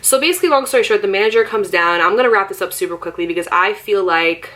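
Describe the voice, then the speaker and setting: Animated young woman telling a storytime. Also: medium pitch, quick pace. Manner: animated, with laughs, "like" fillers and voiced quotes. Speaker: vlogger. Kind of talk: casual storytime.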